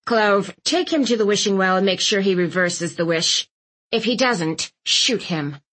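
A woman's voice: medium pitch, lively intonation, unhurried, a bit bright. Woman doing a cantankerous old aunt. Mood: scornful. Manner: barking, scornful. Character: cantankerous elderly aunt, bossy and blunt.

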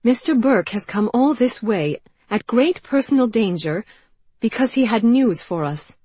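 A woman voicing a stern, acid-tongued mother with a sharp, cutting manner, in an audiobook. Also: on the low side, big pitch swings, a little slow, husky, no room sound, voice pushed up, full character voice. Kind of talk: audiobook character voice.

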